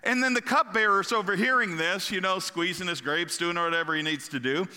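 Male pastor, high bright voice, animated jokey sermon storytelling, live hall reverb. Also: fairly quick, clean tone. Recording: long reverb of a large hall.

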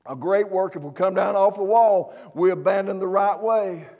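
Preacher, male, high-pitched, fervent and repetitive, church with long reverb. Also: normal speed, dull audio. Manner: preaching fervently, repeats and restarts phrases. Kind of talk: sermon. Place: church sanctuary.

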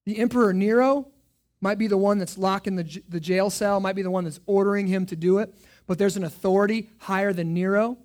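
A man preaching a sermon as pastor, asking rhetorical questions and swinging from hushed lines to loud emphatic ones. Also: high voice, fairly even intonation, fairly quick.

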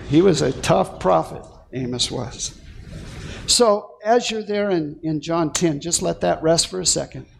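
A male pastor delivers an excited, animated sermon in a high voice, pausing often and taking his time. He breaks off for playful asides to people in the congregation, with a faint hiss of noise in the background. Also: vocal fry.

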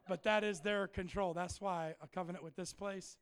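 Preacher, male, middle-aged, high voice, folksy and joking, erupts into shouts mid-story. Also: fairly even intonation, fairly quick, few pauses. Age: middle-aged or older. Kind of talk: sermon storytelling. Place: church in front of a congregation.

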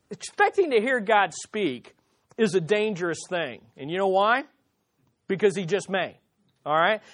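A middle-aged man preaching a sermon, telling a personal story with frequent restarts and repeated words, slowing down to stress key lines. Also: high voice. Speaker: pastor.

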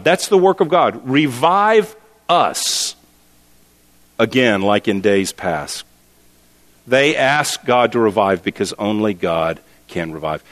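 A man's voice: medium pitch, long reverb tail. A man preaching a sermon as pastor, earnest and repeating key words for emphasis.

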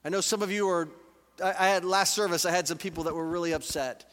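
A male pastor in his forties preaches with an earnest, conversational warmth, reading scripture aloud and unpacking it. His voice sits high and bright. The sound carries a long church-hall reverb. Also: fairly even intonation, quick pace. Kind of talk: sermon. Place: church sanctuary.

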